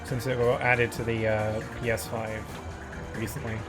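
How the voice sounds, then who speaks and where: A man's voice: medium pitch, level tone, moderate pace. Rambling young man streaming a game. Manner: rambling, easygoing, many fillers. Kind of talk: casual gameplay commentary. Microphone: desk microphone. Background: game music.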